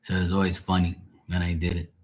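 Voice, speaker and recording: Bermudian guy chatting on his tarot stream, low raspy voice, swears a lot, loose rambling talk. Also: completely flat delivery, fast talker, a little mellow. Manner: rambling, profane, laughs often. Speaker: live tarot reader and streamer. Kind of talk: casual chat on a livestream.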